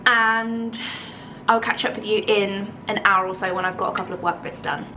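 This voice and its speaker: A woman's voice: mid-range voice, steady tone, moderate pace, pushed and bright, far from the mic, slight background noise, poor audio. A woman with an English accent chatting casually in a home vlog, bubbly and thinking aloud as she tastes food, then tidies the garden. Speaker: lifestyle vlogger.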